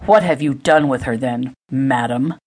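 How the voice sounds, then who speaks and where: A woman's voice: rumbling low, a little slow, darkish tone, pitched below the performer's own voice. A woman voicing a stern, firm young nobleman.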